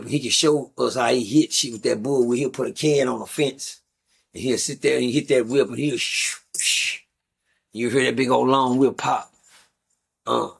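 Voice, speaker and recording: A middle-aged man with a gravelly, creaky voice at an ordinary pitch, talking as a guest. He tells long stories in a rambling, blunt style with plenty of profanity and casual asides to his listeners. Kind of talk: casual storytelling.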